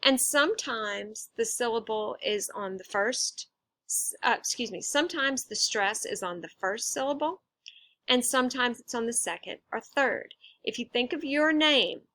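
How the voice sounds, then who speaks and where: A woman's voice: fairly high pitch, animated, moderate pace, sharp tone, dry recording. A woman teacher patiently explaining a lesson, stressing syllables as she goes. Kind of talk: recorded instructional lesson.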